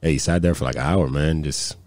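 Very deep-voiced man telling rapid stories. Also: fairly even intonation, a little mellow, dry recording, clean studio sound. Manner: profane, rambling anecdotes with repeated fillers. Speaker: podcast co-host. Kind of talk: casual storytelling chat.

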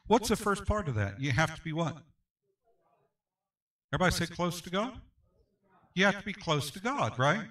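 A man's voice: sits high, big pitch swings, normal speed, pauses often, a bit bright, far from the mic, rough recording. A male pastor teaching a Sunday school class, emphatic and repetitive, often asking for an amen. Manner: emphatic, repeats phrases, calls for amens.

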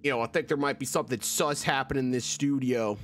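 A young man streaming a horror game, joking and reacting loudly. He swings between mumbled asides and excited shouts. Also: medium pitch, fast, faint music behind. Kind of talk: energetic gaming commentary.

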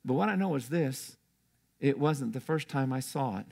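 Older guy preaching in church, gravelly, rambly storytelling. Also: mid-range voice, expressive, moderate pace, a little mellow. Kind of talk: sermon.

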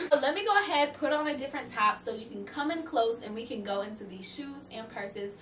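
A woman's voice: sits high, quick pace, hardly any pauses, fairly bright tone, a little hiss or hum. A young woman vlogging a clothing haul, bubbly and gushing as she talks straight to her viewers. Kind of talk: excited try-on haul chat. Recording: voice a bit far from the mic, music underneath.

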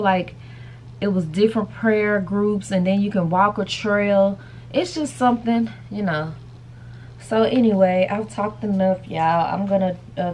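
A woman's voice: medium pitch, darkish tone, a little hiss or hum. A woman chatting casually to camera in a rambling vlog, calling her viewers y'all and baby. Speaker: vlogger.

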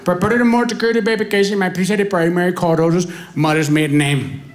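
A man's voice: high voice, fairly even intonation, fast, reverberant, lightly acted. A man voicing a male customer service rep who reads scripted lines politely and garbles the wording. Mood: formal. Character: hard-to-understand male credit card service rep.

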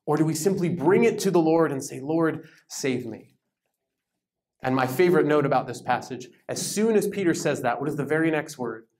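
A man leading a Bible study, teaching in a lively, conversational way and giving verses dramatic emphasis. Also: fairly high pitch, fast, few pauses. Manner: animated, emphatic, reads verses aloud with dramatic stress. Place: church meeting room.

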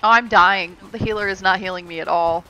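A woman streaming a co-op game with friends, giggling often and letting out excited yelps. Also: mid-range voice, fairly quick, muffled recording. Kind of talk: casual gaming chat with friends.

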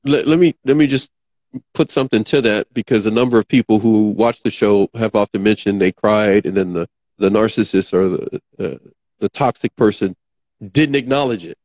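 A man's voice: on the low side, moderate pace, darkish tone, dry recording, dull audio. A man hosting an interview podcast, probing his guest and summing up what he hears. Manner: probing, restates and sums up the guest's words. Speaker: podcast host. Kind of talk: interview conversation.

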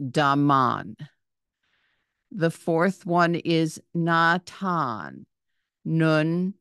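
A woman's voice: deep voice, a bit bright, clean tone, dry recording, clean studio sound. A woman giving a patient reading lesson, saying each word, spelling out its letters and vowel sounds, then repeating it. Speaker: Hebrew reading teacher.

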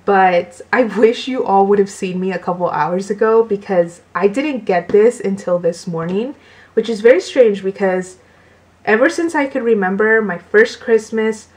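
A young woman chats to her camera from her bedroom, unhurried and soft-spoken. She gushes over each item with gasps and little laughs, in a casual vlog tone. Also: mid-range voice. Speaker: beauty vlogger. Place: bedroom at home.

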